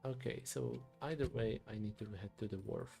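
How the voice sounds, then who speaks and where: Guy quietly talking to himself playing a story game, soft music behind. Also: mid-range voice, brisk, gravelly. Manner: muttering to himself, thinking aloud.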